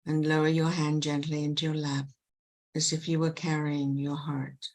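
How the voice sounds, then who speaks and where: A woman guiding a listener through a gentle meditation, speaking in a slow, soothing way. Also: deep voice, monotone, low-quality recording. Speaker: guest, past life regression hypnotherapist. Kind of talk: guided meditation.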